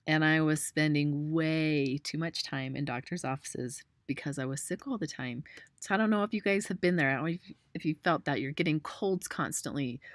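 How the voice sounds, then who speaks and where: A woman in her thirties with a low voice presents a webinar as a personal trainer. She is chatty and personal, calls her viewers "you guys" and laughs easily. The sound is close and dry. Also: dry recording.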